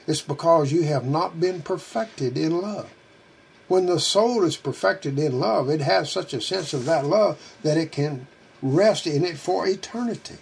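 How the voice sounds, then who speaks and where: Earnest husky-voiced male preacher. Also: on the high side. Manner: earnest, pleading, rhetorical questions. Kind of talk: sermon.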